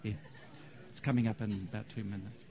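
A man's voice: on the low side, a little fast, some chatter behind. A man preaching a light-hearted sermon who tells stories, often laughs, and talks to the congregation. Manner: animated, laughing, storytelling. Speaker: pastor. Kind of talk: humorous sermon.

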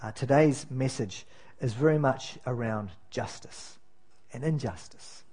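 Husky man preaching a casual sermon. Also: mid-range voice, measured pace, mellow. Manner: conversational, self-deprecating, many fillers and restarts. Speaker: pastor. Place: church.

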